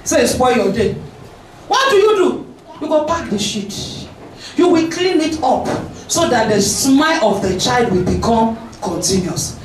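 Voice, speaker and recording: A woman preaching a sermon, animated, often shouting and laughing, slipping into pidgin. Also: sits high, measured pace, a little hiss or hum. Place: church. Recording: echoey church hall, distant mic.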